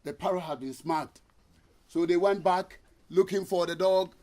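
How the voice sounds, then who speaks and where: A man's voice: high voice, fairly even intonation, moderate pace, darkish tone. A man giving a motivational seminar talk, telling stories and asking the audience rhetorical questions. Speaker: motivational speaker.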